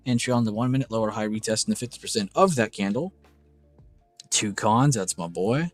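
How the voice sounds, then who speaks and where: A young man hosting a casual live trading stream, excitable and gushing, swearing freely. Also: mid-range voice, no echo. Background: faint background music.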